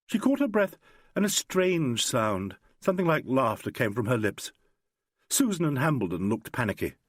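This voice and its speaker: Here a medium-pitched man narrates an audiobook from a script, measured yet expressive as he tells the story. The audio is studio quality, free of room sound.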